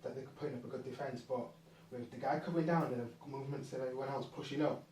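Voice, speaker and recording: A man's voice: mid-range voice, steady tone, quick pace, darkish tone. Man, hesitant rambling delivery, echoey room, faint background hiss. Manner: rambling, hesitant, lots of fillers and restarts. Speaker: channel host. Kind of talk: casual spoken explanation. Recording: echoey room, distant mic, faint noise.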